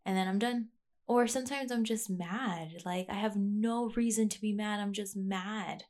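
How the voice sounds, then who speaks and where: A woman's voice: medium pitch, steady tone, a little slow, darkish tone. A woman talking in a rambling, candid way, as a vlogger sharing a personal rant. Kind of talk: casual confessional monologue.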